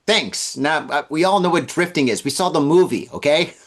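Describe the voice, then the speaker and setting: A man's voice: fairly high pitch, normal speed. A man hosting a comedy news podcast, reading odd stories and riffing on them with jokes and acted-out asides. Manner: animated, joking asides, acts out drunk voices. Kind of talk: casual comedic news commentary.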